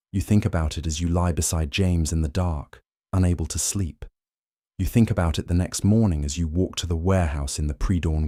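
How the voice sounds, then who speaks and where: A man narrating a bedtime history story in second person, calm and even. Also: deep voice, no echo, clean studio sound.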